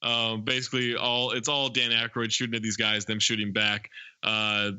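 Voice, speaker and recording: A man's voice: fairly low pitch, little pitch movement, moderate pace, sharp tone, clean tone, no echo, lo-fi sound. A man co-hosting a podcast, casually recapping a movie plot with lots of fillers. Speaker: podcast co-host.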